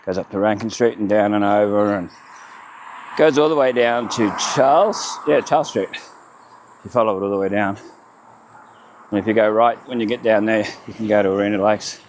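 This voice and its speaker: A man's voice: fairly low pitch, moderate pace, pauses often, a little hiss or hum. A man giving a rambling walking tour of his town, chatting in short self-correcting fragments as he walks outdoors. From Australia. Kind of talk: casual walking-tour commentary. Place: outdoors on town streets by a river.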